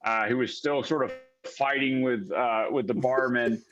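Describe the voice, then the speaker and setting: A man narrating a tabletop game as game master, in a casual, halting way with many fillers. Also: mid-range voice, fairly even intonation, a bit bright, lo-fi sound, faint music behind.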